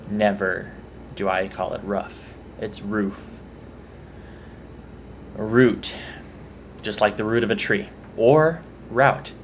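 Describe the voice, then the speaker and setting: Slight background noise accompanies a low-ish male voice here. It belongs to a vlogger from Texas who, in his Texan accent, reads a list of words aloud and offers offhand comments on how he says them.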